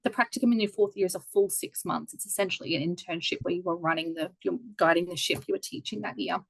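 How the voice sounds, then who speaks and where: An Australian woman in her thirties, a guest telling a story in a casual interview over a video call, lively and acting out quoted voices. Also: lowish voice, quick pace, gravelly, no echo, low-quality recording.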